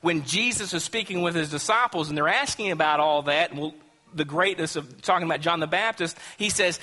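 A man delivers a sermon in an earnest, emphatic way, acting out quotes and putting rhetorical questions to his listeners. His voice sits high and sounds bright and forceful. A long reverb trails behind him, as in a big hall. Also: brisk. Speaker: pastor.

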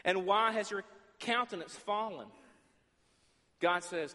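A man delivers a sermon as pastor from a large church sanctuary, his fairly high voice carrying a long echo off the hall. He acts out dialogue in different voices and swings between loud and quiet passages. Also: slow, pauses often. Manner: preaching with shifting volume, acting out dialogue with God.

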